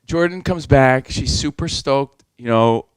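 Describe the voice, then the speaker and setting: A man's voice: mid-range voice, unhurried, smooth, no echo, studio quality. A man co-hosting a radio show, telling a story in casual chat, acting out voices and swearing freely. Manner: animated, acts out quotes, swears a lot.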